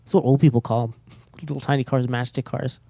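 Recorded dry, this solo podcast host has a steady, warm, creaky mid-range voice and talks fairly quickly. His casual chat is nervous and rambling, packed with fillers and self-deprecating humor.

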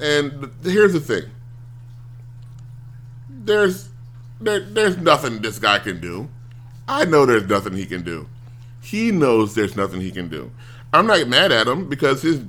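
Man, bright voice, rambling, sarcastic, exasperated casual rant. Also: lowish voice. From United States. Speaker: office worker telling a story. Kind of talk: casual ranting monologue.

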